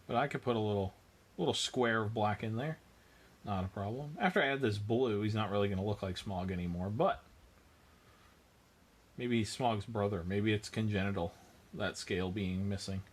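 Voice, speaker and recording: A man with a fairly low voice talks casually through his painting livestream. He thinks aloud as he works and answers viewers with dry, self-mocking jokes. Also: moderate pace, husky. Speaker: miniature painting livestream host.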